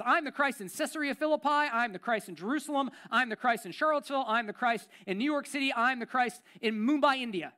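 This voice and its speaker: A man preaching a sermon as a pastor, conversational and emphatic, repeating key phrases and sinking into a low, intense tone. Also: bright, forceful tone.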